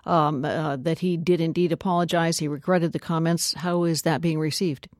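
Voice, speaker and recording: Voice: mid-range voice, fairly even intonation, dry recording. Radio news host with a dry studio sound. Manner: measured, with frequent "uh" fillers. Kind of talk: news interview.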